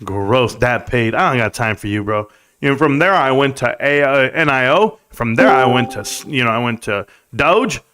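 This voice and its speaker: A man in his forties hosting a casual live stream, rambling and reading out comments, swinging between loud and soft. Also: mid-range voice, lively intonation, moderate pace, smooth.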